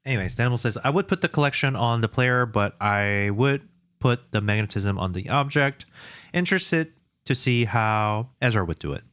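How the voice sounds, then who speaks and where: A man's voice: mid-range voice, expressive, normal speed, fairly bright tone, dry recording. A young man streaming game development from home at a desk mic, chatting casually, reading chat aloud and joking about himself. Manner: rambling, reads chat aloud, self-deprecating jokes. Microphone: desk microphone.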